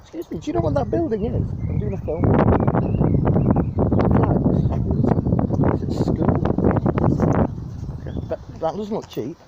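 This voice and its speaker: A man's voice: high-pitched, a little slow, pauses often, highs cut off. Chatty Liverpool-area man on a park walk. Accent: Liverpool area (Widnes). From England. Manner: chatty, rambling, jokey and lively. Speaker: vlogger giving a walking tour. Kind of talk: casual walking-tour narration. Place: outdoors in a city park. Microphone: handheld phone camera. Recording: phone video outdoors with clear wind and park noise.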